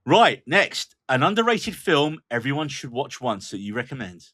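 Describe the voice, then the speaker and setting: A man's voice: mid-range voice, big pitch swings, normal speed, a bit bright. A man hosting a podcast in casual chat, telling self-mocking stories and moving the talk to the next topic. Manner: chatty, self-mocking anecdotes, steers the topics. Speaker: podcast host.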